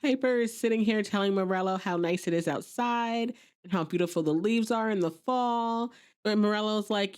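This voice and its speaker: A woman's voice: mid-range voice, normal speed, clear, resonant tone. A woman hosting a podcast, chatting casually as she recaps an episode and quotes characters playfully.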